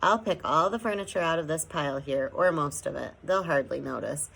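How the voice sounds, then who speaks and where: A woman's voice: low voice, a little fast, vocal fry, fairly bright tone, heavily acted, poor audio. Woman voicing an earnest young boy. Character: eager kind young boy. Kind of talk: audiobook reading.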